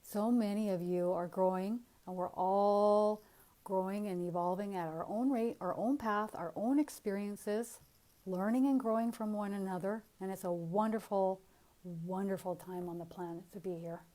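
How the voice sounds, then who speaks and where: Animated woman medium telling stories. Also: medium pitch, moderate pace, low-quality recording. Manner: animated storytelling, frequent laughs. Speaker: spiritual medium. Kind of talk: casual spiritual talk.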